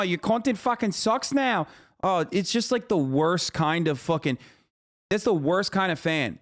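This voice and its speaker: A man's voice: on the high side, dry recording. Fired-up male streamer, dry sound. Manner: heated, exasperated ranting, heavy swearing. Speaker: livestream host reacting to videos. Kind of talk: profane livestream commentary.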